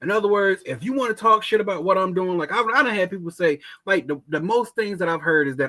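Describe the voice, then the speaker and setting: A man hosts a casual podcast with a slightly raised voice, animated and chatty, stumbling over and repeating his words. The sound is dry and close, with no room echo. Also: high voice, brisk, few pauses. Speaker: podcast host.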